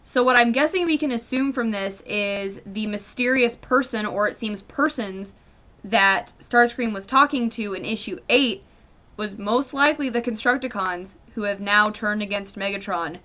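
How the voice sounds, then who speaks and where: A woman giving a casual, rambling review of a comic, animated and full of fillers. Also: mid-range voice, normal speed.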